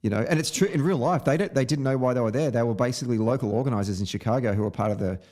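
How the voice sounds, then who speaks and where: A man's voice: medium pitch, rapid-fire, dark tone. A man hosting a podcast, giving a blunt, opinionated film review in casual chat, sometimes swearing. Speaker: podcast host.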